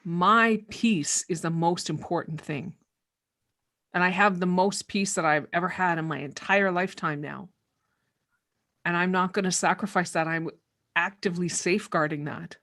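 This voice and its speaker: A woman with a fairly low voice hosts a relaxed conversation over a video call. She talks in a reflective way, doubling back on her words as she gathers her thoughts. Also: moderate pace.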